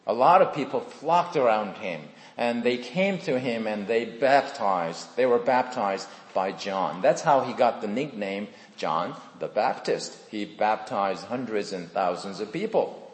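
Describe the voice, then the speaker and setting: A middle-aged pastor with a Korean accent preaches in a lively, sing-song way, his pitch sitting a little low. He chats and makes self-deprecating asides to the congregation. His voice rings through a large church hall with a long, hanging echo. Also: a little slow, few pauses. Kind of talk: sermon. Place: church sanctuary. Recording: echoey hall with long reverb.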